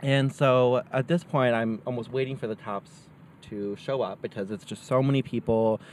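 Animated young man telling a party story. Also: medium pitch, normal speed, slight background noise. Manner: animated, acts out quoted voices. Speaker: storyteller guest. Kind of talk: casual storytelling.

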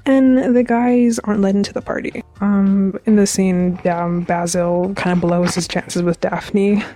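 A woman's voice: medium pitch, steady tone, a little slow, mellow. Chatty young woman recapping an episode. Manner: chatty, emotional, restarts and self-corrections. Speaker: podcast host reviewing a TV series. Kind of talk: casual episode recap and review.

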